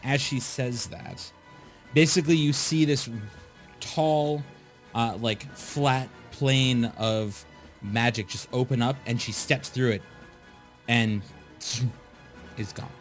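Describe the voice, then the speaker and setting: Slow-talking man narrating as game master. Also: mid-range voice, steady tone, soft background music. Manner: slow, descriptive narration with asides.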